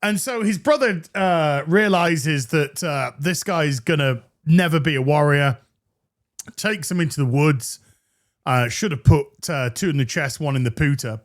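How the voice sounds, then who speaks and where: A man rants through a sarcastic episode review, his fairly high voice bouncing around a wide range. He talks at an unhurried pace, full of crude asides and stammered restarts. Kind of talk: sarcastic ranting commentary.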